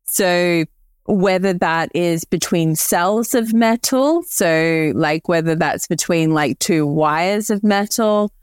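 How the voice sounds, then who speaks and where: A woman's voice: lowish voice, takes it slowly, clean tone, no room sound, clean studio sound. A woman co-hosting a podcast, explaining a craft technique precisely and clarifying the details. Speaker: podcast co-host. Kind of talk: casual explanatory chat.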